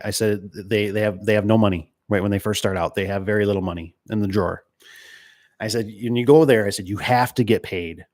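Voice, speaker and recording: A man's voice: fairly low pitch, darkish tone, dry recording. A man who owns a door and gate business, talking casually and rambling, with lots of fillers and "right?" tags, often retelling conversations in quoted dialogue. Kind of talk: casual chat.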